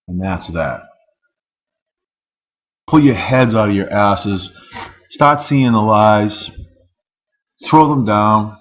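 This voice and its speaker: A man's voice: on the low side, slow, pauses often, highs cut off. A man in an angry, profane rant, firing off rhetorical questions. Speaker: vlogger.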